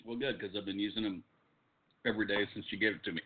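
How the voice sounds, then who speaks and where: A man from Texas chatting on a podcast, with dry, deadpan dark humor. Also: fairly low pitch, quick pace. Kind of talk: casual chat. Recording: tinny phone-like audio.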